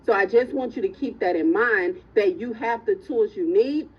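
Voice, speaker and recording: An emphatic woman coaching her students live, her voice husky and a little raspy. The audio is muffled and low-fi, as if it came through an online call. She keeps checking in with her listeners. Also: normal speed. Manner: motivational, emphatic, repeats "right?" and "okay?". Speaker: real estate coach.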